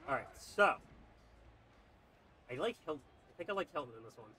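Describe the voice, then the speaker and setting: Playing a football video game, a young YouTuber mutters his play calls and then breaks into loud, frustrated outbursts. His voice is on the high side and his pace moderate, with slight background noise behind him.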